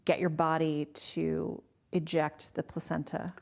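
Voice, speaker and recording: A woman in her forties telling her own story in a casual podcast interview, animated and acting out the people she quotes. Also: sits low, a little slow, vocal fry. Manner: animated, acts out voices in her stories. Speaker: guest.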